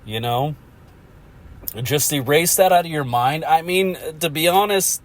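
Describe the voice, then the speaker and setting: A man's voice: a little high, measured pace. Chuckling, rambling male podcast host. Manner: rambling, chuckles often, self-mocking. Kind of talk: casual solo podcast monologue.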